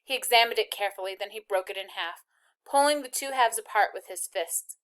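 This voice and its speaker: Woman narrator reading a chapter aloud, steady and expressive, medium pitch. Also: a little fast. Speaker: reader.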